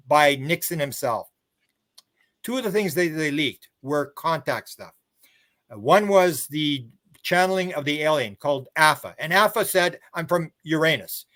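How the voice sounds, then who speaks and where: A man's voice: a little high, fairly bright tone. An older man, a guest author and researcher, telling long rambling stories in a casual interview. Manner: rambling storyteller who acts out other people's words.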